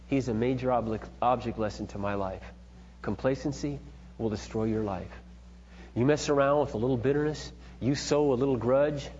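A man's voice: mid-range voice, big-room sound, lo-fi sound, slight background noise. A middle-aged man giving an earnest, emphatic, preachy talk on parenting, told through personal stories. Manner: earnest, emphatic, building to forceful points. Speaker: parenting speaker.

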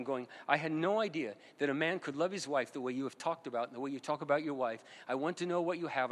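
A man's voice: medium pitch, fairly bright tone. Earnest man preaching in a reverberant hall. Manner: earnest, emphatic, repeats key phrases. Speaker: pastor. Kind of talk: sermon.

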